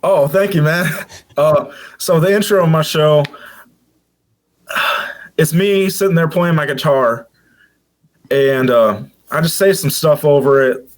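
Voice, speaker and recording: Midwestern male guest, relaxed chatter, slightly higher pitch, easygoing podcast talk. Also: slow pace, pauses often. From American Midwest. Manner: laid-back, drops into a deep announcer voice at times. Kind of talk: casual chat.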